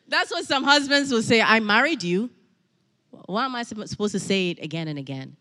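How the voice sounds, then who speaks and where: A woman's voice: mid-range voice, sharp tone, in a large hall. A woman preaching a sermon in a church, emphatic, repeating key phrases and building to exhortation.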